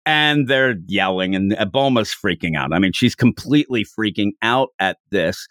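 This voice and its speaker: A man co-hosting a casual podcast, rambling and animated, breaking into high quoted voices now and then. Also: moderate pace, no room sound, clean studio sound. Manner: rambling, with restarts. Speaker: podcast co-host.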